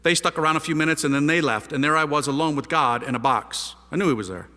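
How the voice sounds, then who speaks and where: A man telling a lively personal testimony as a priest, speaking in casual slang with big swings in his voice. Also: a little high, quick pace. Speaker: priest giving a conversion testimony. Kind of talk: animated spoken testimony. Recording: echoey hall.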